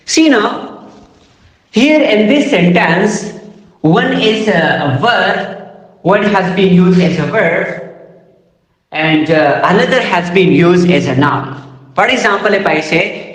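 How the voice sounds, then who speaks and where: A man giving a slow lecture on phonology, repeating example words aloud. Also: sits high, animated. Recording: echoey room with long reverb.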